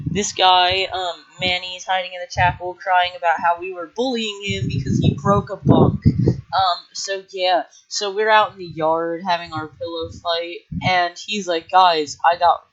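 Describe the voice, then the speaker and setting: A man's voice: sits high, little pitch movement, unhurried, fairly bright tone. A young man telling a rambling personal story in a casual vlog, full of filler words and restarts. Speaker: storytime vlogger. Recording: dull lo-fi mic.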